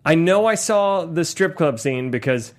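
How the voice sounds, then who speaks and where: A man hosting a comedy movie podcast, loud and excitable, yelling into a studio microphone. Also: fairly high pitch, unhurried. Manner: loud, excitable, yells into the mic. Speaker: podcast host.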